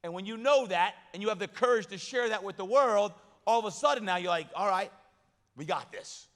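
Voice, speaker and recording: Energetic male chapel speaker, high and bright, in a reverberant hall. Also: fast. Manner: energetic, call-and-response with the crowd. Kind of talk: motivational chapel talk.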